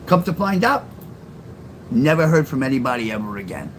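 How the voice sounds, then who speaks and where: A man's voice: medium pitch, sing-song, fairly quick, pauses often, background noise. Profane older man telling stories. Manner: blunt and profane, acts out quoted lines loudly. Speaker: live-stream storyteller reading his memoir. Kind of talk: casual storytelling. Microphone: phone.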